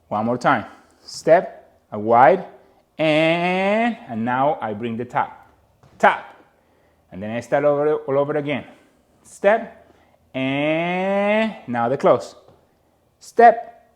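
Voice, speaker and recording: A man teaching a dance lesson with a Latin American Spanish accent, counting steps aloud and repeating cues. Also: medium pitch. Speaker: dance instructor.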